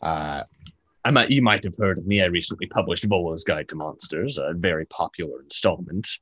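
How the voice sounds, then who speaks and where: A man putting on a loud, showy portly author. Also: deep voice, fairly quick, breathy edge, no room sound. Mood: exuberant. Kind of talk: game master voicing a character.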